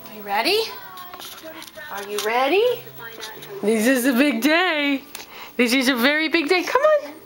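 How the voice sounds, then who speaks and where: Woman, home video mom: very high, lively sing-song baby talk, slow and drawn out, on a handheld camcorder. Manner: excited, sing-song, counts the baby's steps aloud. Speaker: mother filming her baby.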